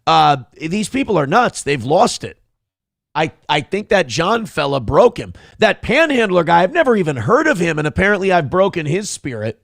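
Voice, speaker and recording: A male live-show host rants with a gravelly edge, his pitch swinging widely. He is sarcastic and foul-mouthed and reads chat messages aloud. The sound is dry and close, with no room around it. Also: big pitch swings, moderate pace, a bit bright, no echo. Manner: profane, ranting, sarcastic. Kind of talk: live-stream rant reading chat.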